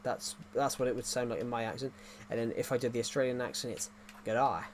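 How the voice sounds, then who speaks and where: A man's voice: medium pitch, fairly even intonation, quick pace, slight background noise. A man streaming a video game, chatting casually with viewers in a rambling, jokey way, often restarting his sentences. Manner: rambling, self-correcting, jokey. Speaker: gaming streamer. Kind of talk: casual livestream chat while playing.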